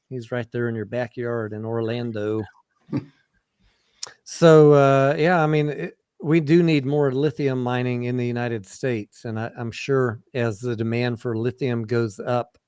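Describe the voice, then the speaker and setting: A man's voice: mid-range voice, darkish tone, clean tone, no room sound, clean studio sound. A man hosting a late-night livestream chat, joking and swearing, tired and reading viewer comments aloud. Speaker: livestream host. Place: home in Texas.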